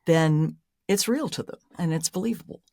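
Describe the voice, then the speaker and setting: A woman's voice: low-pitched, normal speed, vocal fry, no echo, clean studio sound. A middle-aged woman, an airline pilot and audiobook narrator, telling stories in a casual interview with frequent laughs and sudden rises for emphasis. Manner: animated storyteller, laughs often, voice jumps up for emphasis.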